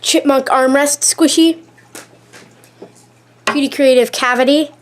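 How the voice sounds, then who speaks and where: In a relaxed show-and-tell vlog, a YouTuber with a high, bright voice presents her collection slowly and with fairly even intonation, gushing chattily with frequent "like" and repeated "really, really." Her handheld camera occasionally shakes, and there's slight background noise.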